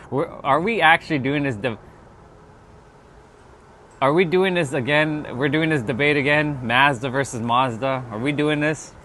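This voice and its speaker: A man's voice: on the high side, measured pace, sharp tone, slight background noise. A man hosting a casual livestream, chatting loosely with viewers, joking and swearing as he reads the chat aloud. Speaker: livestream host.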